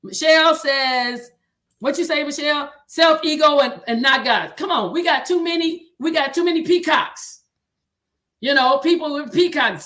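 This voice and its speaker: Southern woman host, high-pitched, exhorting sermon-style talk. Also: moderate pace, fairly bright tone. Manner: exhorting, repeats "come on", reads viewer comments aloud. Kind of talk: livestream talk to choir directors, preaching tone.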